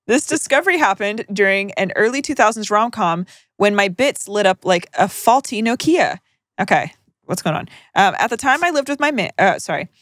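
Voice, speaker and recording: A woman's voice: medium pitch, animated, normal speed, fairly bright tone, dry recording, clean studio sound. A young woman co-hosting a podcast, reading listener stories aloud with wry, sardonic asides. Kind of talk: casual chat, reading aloud.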